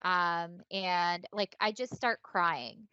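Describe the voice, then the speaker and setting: A woman's voice: lowish voice, slow, bright, forceful tone, clean tone, dry recording. A woman co-hosting a podcast, telling a long story in a rambling, filler-heavy way with some swearing. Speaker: podcast co-host. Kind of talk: casual storytelling chat. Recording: dull lo-fi dry sound.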